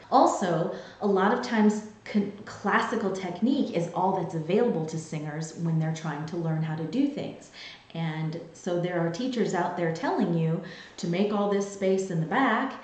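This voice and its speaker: Echoey, low-voiced woman vocal coach. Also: a little mellow. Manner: clear, explanatory, with sung demonstrations. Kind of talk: singing lesson to camera. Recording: very echoey room.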